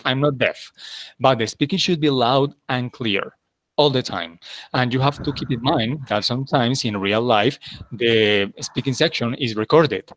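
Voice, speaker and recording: A man's voice: medium pitch, measured pace, a bit bright, no room sound. A man teaching an English class, patiently repeating his instructions and checking in with his students.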